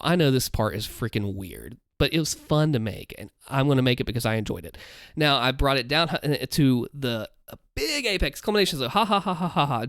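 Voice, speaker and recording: A man's voice: medium pitch, fairly bright tone, no room sound, clean studio sound. A man explaining how he built a villain voice, talking animatedly and demonstrating as he goes, holding his volume down because it is late at night. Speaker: content creator explaining his voice work. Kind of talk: voice acting breakdown.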